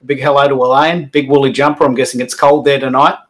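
A man's voice: medium pitch, level tone, fast, fairly bright tone. An Australian man hosting a live stream, chatty and upbeat, rambling with frequent restarts as he welcomes guests. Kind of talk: casual live stream chat.

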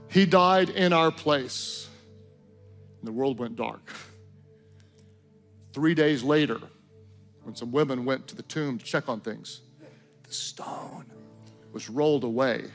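A man pastor preaching a sermon, swinging from loud emphatic lines to hushed, low passages.

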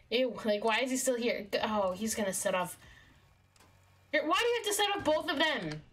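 A young woman streaming a video game, exasperated with her in-game companion, jumping between shrieks and low mutters. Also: a bit bright. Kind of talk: live game commentary.

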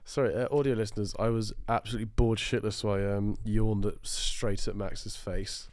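Deadpan young man, low voice. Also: moderate pace, dry recording. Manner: deadpan, dry teasing quips. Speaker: podcast co-host. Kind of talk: casual chat. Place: podcast studio.

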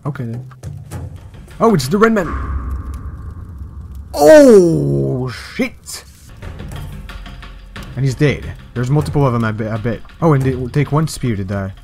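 A man hosting a game video, reacting with excitable, profane outbursts. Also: medium pitch. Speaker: gaming video host. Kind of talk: let's play commentary.

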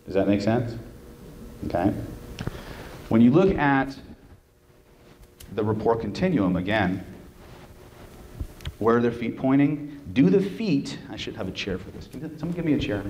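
A man presenting a live seminar to an audience, animated and joking, who keeps checking in with "right?". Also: mid-range voice, a little slow, long pauses, muffled recording. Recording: roomy room with faint noise.

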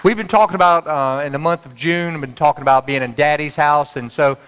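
A man's voice: fairly high pitch, fairly quick, in a large hall, lo-fi sound, noisy background. A man preaching a sermon as pastor, telling stories in a conversational way and urging the congregation to answer back. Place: church sanctuary.

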